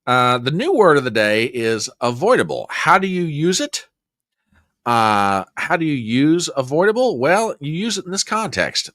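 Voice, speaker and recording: A man's voice: fairly high pitch, sing-song, moderate pace, fairly bright tone, dry recording, studio quality. A man hosting a casual news commentary show, rambling with sarcastic, joking asides. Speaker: host.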